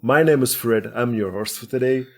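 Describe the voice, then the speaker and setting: A man hosting a casual podcast, energetic and rambling, with lots of restarts. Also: mid-range voice, moderate pace. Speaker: podcast host.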